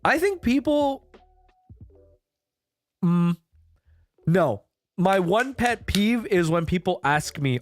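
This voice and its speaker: A man's voice: high-pitched, sing-song, slow, pauses often. A man streaming a casual chat, laid-back and swearing casually, with faint music behind him. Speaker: VTuber streamer.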